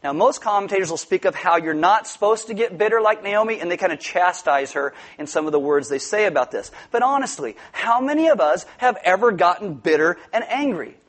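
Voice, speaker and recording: A male pastor with a notably high voice delivers a sermon. He talks to the congregation in a loose, joking way and now and then breaks into loud outbursts. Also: lively intonation, brisk, hardly any pauses. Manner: joking, conversational preaching with sudden loud outbursts. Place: church before a congregation.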